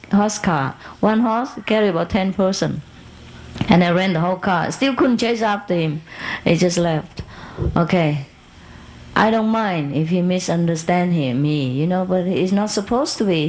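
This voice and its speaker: Poor audio captures a medium-pitched female spiritual teacher recounting a long anecdote about herself to an audience. She speaks broken, loose English, laughs a lot, and brings her story's people to life by acting out their words.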